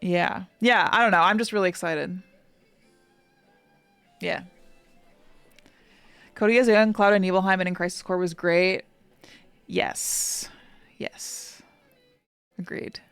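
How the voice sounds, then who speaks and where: A woman streamer reacting to a game on a live stream, chatting casually and gushing excitedly, her talk full of "like" fillers. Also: lowish voice, takes it slowly, vocal fry, pauses often, clean tone, no echo, faint music behind.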